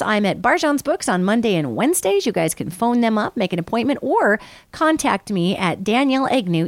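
A woman's voice: a little high, no echo. A woman hosting a live call-in radio show as a psychic, talking in a chatty, rambling way and calling her listeners "you guys" from a studio microphone.

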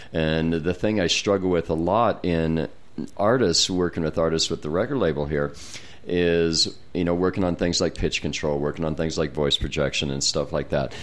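A deep-voiced man hosts a loose, joking conversation in a studio. He sits at a microphone and keeps it relaxed. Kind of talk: casual studio chat.

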